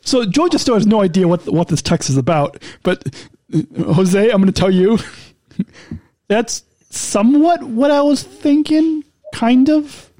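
High, lively man who laughs a lot. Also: measured pace, no room sound. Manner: laughs often, playful and teasing. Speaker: podcast co-host. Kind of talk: casual chat.

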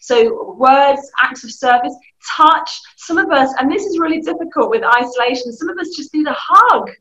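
A woman with a British accent, giving lively, animated advice as a guest in a conversation, often laughing. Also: sits high, normal speed. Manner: animated, laughing, acting out family voices. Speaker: youth work guest. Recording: muffled lo-fi audio.

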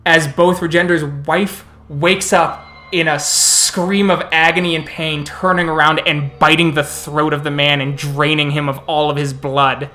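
A man's voice: on the high side, flat delivery, unhurried, few pauses, pushed and bright. A man serving as storyteller, narrating a tabletop role-playing game in a flowing, descriptive way.

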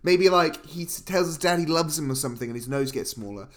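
A man's voice: fairly high pitch, a little fast, a bit bright. A man co-hosting a casual film podcast, joking with wry, sarcastic asides. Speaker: podcast co-host. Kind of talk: casual film review chat.

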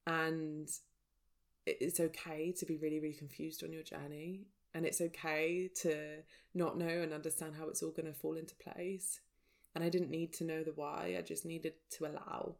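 Woman vlogger, low flat voice with gravel, candid personal storytelling to camera. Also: normal speed. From England. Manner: raw, reflective, searching. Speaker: spiritual vlogger.

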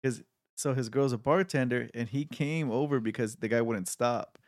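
A man's voice: mid-range voice, normal speed, no echo, clean studio sound. A young man in casual chat, telling a long rambling story and swearing freely.

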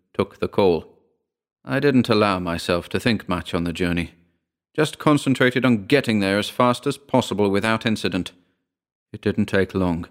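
A man reading a horror short story aloud in a measured, grave storytelling manner. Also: lowish voice, smooth. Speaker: narrator. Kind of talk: scripted horror narration.

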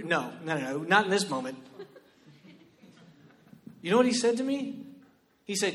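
A man preaching a sermon as pastor, shifting between loud, emphatic exhortation and quiet personal storytelling. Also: high voice, animated, moderate pace, pauses often.

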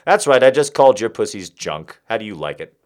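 A man's voice: lowish voice, big pitch swings, a little fast. A man hosting a podcast, delivering a rambling, confessional, self-mocking comic monologue.

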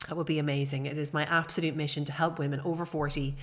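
Woman, forties, podcast host, earnest chatty monologue, slightly low voice. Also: little pitch movement, fast talker. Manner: warm, earnest and chatty, with fillers.

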